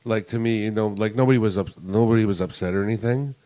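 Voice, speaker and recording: A man's voice: lowish voice, quick pace. A man co-hosting a podcast, telling a long story in casual chat and laughing as he goes. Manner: animated, laughs while telling stories. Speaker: podcast co-host.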